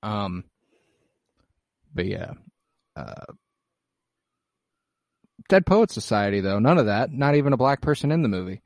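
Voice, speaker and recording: Casual male podcast co-host, lowish voice. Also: measured pace, pauses often, no echo. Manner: animated, swears casually, restarts often. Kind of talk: casual film discussion.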